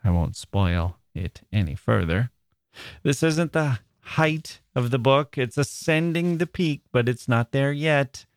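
A man hosting a literature podcast, reading passages from a novel aloud and then commenting on them in a measured, reflective way, sometimes searching for his words. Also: medium pitch, animated, no echo, studio quality.

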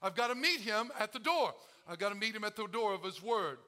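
A man's voice: sits high, animated, a little fast, bright, forceful tone. A male pastor preaching a sermon to his congregation, calling out to them and acting out the prayers he quotes. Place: church.

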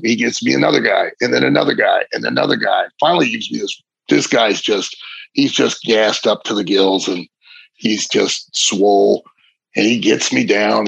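A man's voice: on the low side, gravelly, fairly bright tone, slightly rough, no echo. A middle-aged man, a former wrestler, telling rambling, vivid stories in a casual interview, often restarting his sentences. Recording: dull lo-fi recording.

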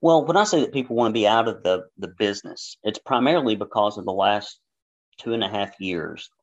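Southern man, blunt guest, lowish voice, dull lo-fi sound. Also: animated, a little fast. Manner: blunt, opinionated. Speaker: podcast guest, business educator. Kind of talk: podcast interview.

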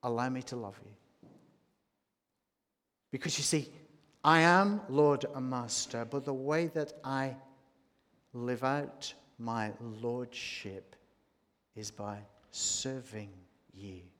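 Male preacher, measured sermon delivery, very slow, long hall reverb. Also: medium pitch, fairly bright tone. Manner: slow, deliberate preaching with emphatic rises.

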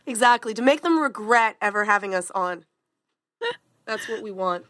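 A woman's voice: medium pitch, expressive, normal speed, pushed and bright, dry recording. A woman psychotherapist co-hosting a podcast in casual chat, recovering from a cough, with dry humor.

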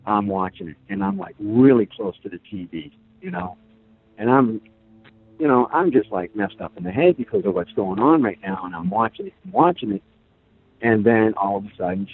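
A middle-aged man, a grandparent, telling his story on a phone interview, halting with many fillers and acting out what others said. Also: mid-range voice, vocal fry. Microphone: phone call. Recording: tinny phone line, faint music.

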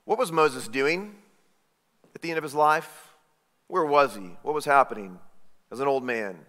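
A man preaching a sermon, retelling a story with lively asides and acted-out quotes. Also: mid-range voice, normal speed, big-room sound. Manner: animated storytelling, repeated "right?" asides, acts out quotes. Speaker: pastor.

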